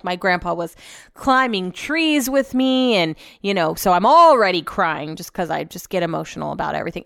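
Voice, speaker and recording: A woman's voice: lowish voice, fairly bright tone, smooth, no echo, studio quality. A young woman hosting a podcast, telling stories in casual chat, chatty and emotional with frequent swearing. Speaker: podcast host.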